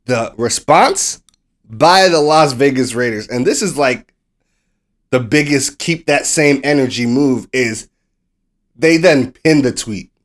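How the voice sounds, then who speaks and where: Animated American man telling a sports story. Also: medium pitch, takes it slowly. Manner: animated storyteller, acts out quoted people; swears casually. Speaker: podcast co-host. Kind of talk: casual sports chat.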